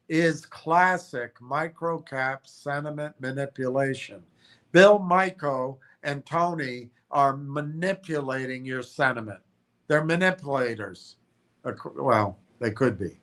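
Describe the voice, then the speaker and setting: A congested man hosting a stock livestream, talking in a halting way with many restarts and self-corrections as he reads notes aloud. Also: medium pitch, fairly bright tone. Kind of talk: casual stream commentary, reading notes aloud.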